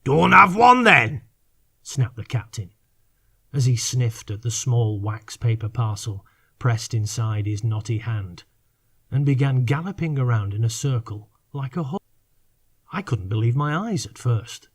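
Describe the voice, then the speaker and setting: A man narrating a fiction audiobook in measured, unhurried reading. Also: mid-range voice, mellow, husky. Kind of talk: scripted narration.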